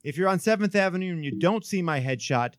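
A man hosting a casual talk radio show, an animated, swearing, rambling storyteller on a close studio mic. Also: sits high, fast, dry recording.

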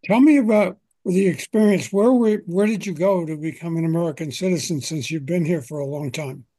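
An older man hosts an interview podcast from his home, his voice sitting a little high. He opens with a measured, scripted welcome, then moves into plain, direct questions for his guest. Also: dark tone. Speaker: podcast host.

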